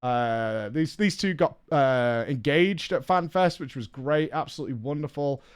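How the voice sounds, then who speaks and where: A man, a streamer telling a story in a casual, animated way, swearing and acting out what people said. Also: mid-range voice, normal speed, smooth. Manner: animated, swearing, acts out quotes.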